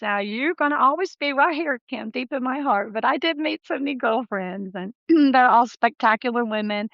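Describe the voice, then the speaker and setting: Woman in her 60s, chatty guest, laughs often, slightly high voice, dry muffled recording. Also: dry recording. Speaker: guest, dentist. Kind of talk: casual interview chat.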